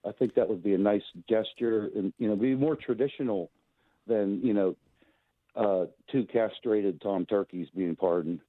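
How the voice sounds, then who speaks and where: A man's voice: lowish voice, moderate pace, no room sound. Man calling in over a tinny phone line. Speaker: caller. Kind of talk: call-in to a radio show.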